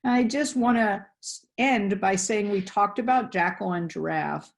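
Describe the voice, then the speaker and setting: A woman's voice: mid-range voice, a little slow, vocal fry. A woman presenting a wellness webinar in an earnest, coaching way, acting out inner self-talk voices.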